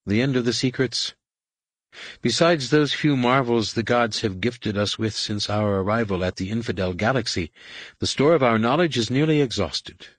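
A man's voice: mid-range voice, normal speed, no echo, voice pushed up, natural voice. A man reading an audiobook and voicing a humble, frightened female alien scientist, deferential and pleading. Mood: fearful pleading.

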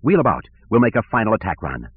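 A man's voice: fairly low pitch, sing-song, fast talker, breathy edge, exaggerated voice. A man voicing a rigid, ruthless female admiral who gives curt commands, on a tinny recording. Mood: commanding. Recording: tinny phone-like sound.

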